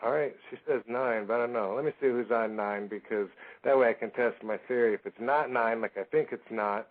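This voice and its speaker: A man's voice: mid-range voice, brisk. A man hosting a loose call-in radio show, joking around and swearing freely. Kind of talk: loose, profane radio talk. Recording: tinny phone-like radio audio.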